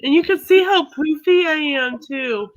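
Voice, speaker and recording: Very high-voiced joking woman from Kansas. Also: moderate pace. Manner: joking, dry teasing. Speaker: guest on a live makeup stream. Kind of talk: casual chat.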